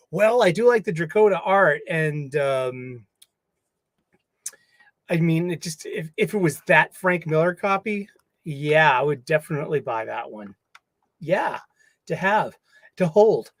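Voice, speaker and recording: This livestream host is an American man broadcasting alone from his home studio, clowning around and addressing the stuffed animals nearby. His voice is a little high, recorded without echo.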